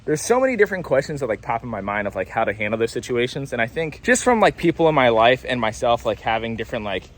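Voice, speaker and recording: A man's voice: medium pitch, sing-song, quick pace. A young man telling a casual storytime monologue, rambling and packing in filler words. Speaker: vlogger.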